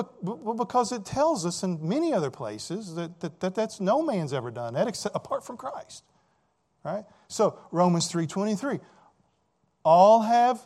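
A man preaching a sermon, asking rhetorical questions with frequent "right?" tags, repeating words, and swinging between emphatic loud points and quieter asides. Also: high voice.

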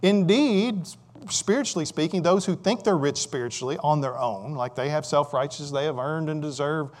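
Guy preaching a sermon, kinda high voice, lots of "right?" questions, loud then quiet. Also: moderate pace. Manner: conversational preaching with rhetorical questions; swings between loud emphatic and quiet asides.

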